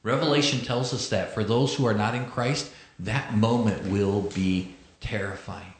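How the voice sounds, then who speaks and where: A man preaching a sermon, reading scripture slowly and explaining it with conversational asides. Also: lowish voice, steady tone. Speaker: pastor. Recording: echoey room.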